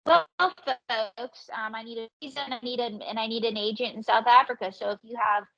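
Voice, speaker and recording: A woman comedian and ventriloquist telling lively, swearing anecdotes as a podcast guest. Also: a little high, muffled recording. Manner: animated storyteller, swearing, quick quoted voices. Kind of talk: casual podcast storytelling.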